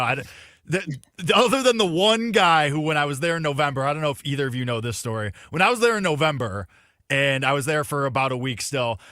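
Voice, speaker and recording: A man from Chicago, co-host of a betting show, telling a story casually and excitedly. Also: fairly high pitch, no room sound, clean studio sound. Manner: excitable, acts out quoted lines loudly.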